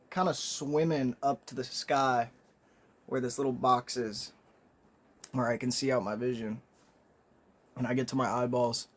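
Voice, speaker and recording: Rambling, profane young man telling a story. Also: medium pitch. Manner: rambling, profane, frequent throat-clearing and coughing. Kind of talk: casual comedic storytime.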